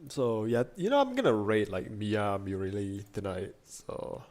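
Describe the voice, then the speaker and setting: A man's voice: lowish voice, huge pitch swings, unhurried, a little mellow. A young man chatting casually with his stream chat, rambling with lots of fillers and restarts. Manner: rambling, many fillers and restarts, frequent laughs.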